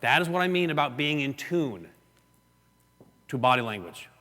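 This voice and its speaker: A man's voice: medium pitch, normal speed. A man giving a live seminar talk to an audience, acting out stories and gestures as he teaches. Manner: animated storyteller, acts out gestures and quotes. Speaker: real estate seminar speaker. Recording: long hall reverb.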